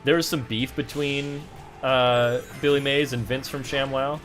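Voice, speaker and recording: A man's voice: medium pitch, fairly even intonation, a little slow, over loud music. A man guesting on a live game stream, chatting casually and teasing the others. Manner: teasing, joking. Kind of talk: casual chat while gaming.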